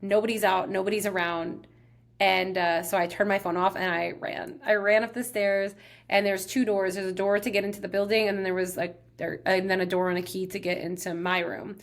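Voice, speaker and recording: A young woman from Texas, hosting her own show, telling a travel story in a chatty, animated way with lots of "like". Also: medium pitch, fairly quick. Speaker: podcast host. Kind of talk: casual storytelling.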